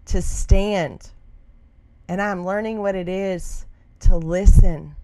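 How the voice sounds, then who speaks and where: A woman's voice: mid-range voice, smooth. A middle-aged woman speaking earnestly in heartfelt devotional encouragement, repeating her phrases and often checking in with "right?".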